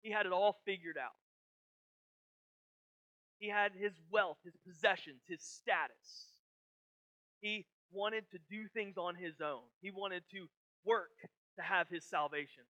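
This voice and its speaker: A man in his thirties preaching a sermon, earnest, sometimes dropping very soft in prayerful moments. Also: high-pitched, a little slow, long pauses, poor audio. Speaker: pastor.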